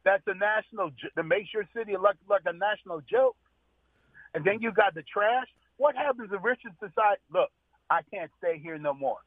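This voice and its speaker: A man calls in to a radio show, earnest and complaining in a conversational way. His voice is fairly high, and it comes through a tinny phone line with a dry sound. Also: moderate pace, dry recording. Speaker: caller.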